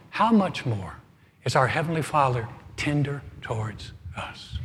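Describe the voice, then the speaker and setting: A middle-aged man preaching as pastor, telling a humorous story with animated swings from loud to soft. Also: on the high side. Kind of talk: humorous sermon. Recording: hall reverb.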